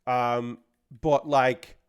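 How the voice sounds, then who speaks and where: A man's voice: medium pitch, flat delivery, very slow, smooth. A man hosting a live stream, chatting casually while building a model kit, rambling with lots of fillers. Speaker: livestream host.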